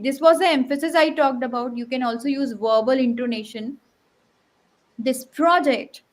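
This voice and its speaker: A woman speaking as a guest on a leadership panel, explaining communication techniques with frequent fillers and spoken examples. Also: sits high.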